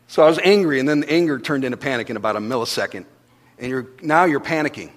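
Pastor preaching, kinda high voice, goes from hushed to loud, big echoey church hall. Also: male voice, fast talker. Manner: animated storytelling, swinging from hushed to loud, acting out voices. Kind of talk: sermon. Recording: long reverb of a large hall.

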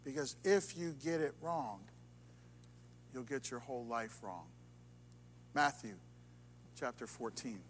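A male pastor preaching a sermon, swinging from loud emphatic lines down to hushed near-whispers. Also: mid-range voice, slow pace, long pauses, in a large hall, a little hiss or hum. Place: church sanctuary.

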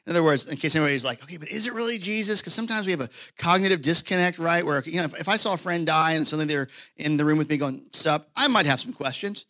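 A man preaching a sermon to a live congregation, animated and casual, swinging between excited bursts and hushed moments. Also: fairly high pitch, rapid-fire, few pauses, dry recording, studio quality. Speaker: pastor. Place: church hall, live congregation.

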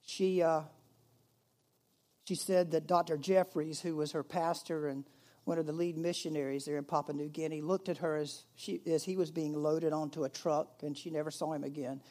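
Male pastor, mellow tone, conversational sermon with loud peaks and soft drops. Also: on the high side, fairly even intonation, moderate pace. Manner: conversational, with emphatic rises and hushed drops.

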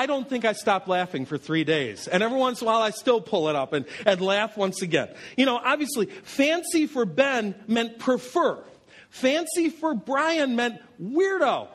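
Pastor, male, high voice, storytelling sermon with jokes at his own expense. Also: big pitch swings, moderate pace, fairly bright tone. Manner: anecdotal storyteller with self-deprecating humor.

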